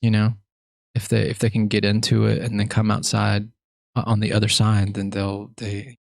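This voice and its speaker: A man's voice: fairly low pitch, completely flat delivery, normal speed, gravelly, darkish tone, dry recording, clean studio sound. A man hosting a podcast interview, chatting casually in a jokey, rambling, self-mocking way. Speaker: podcast host.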